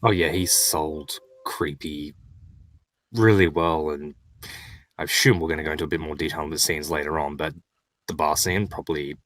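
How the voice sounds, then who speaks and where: A man joining a casual movie review chat, speaking in a relaxed, measured way. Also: rumbling low, dry recording. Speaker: podcast guest.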